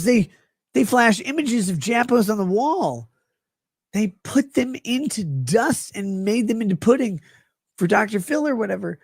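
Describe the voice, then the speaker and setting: A drunk man in a rambling stream monologue, swinging erratically in pitch and loudness. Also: very animated, moderate pace, vocal fry, husky, no echo, clean studio sound.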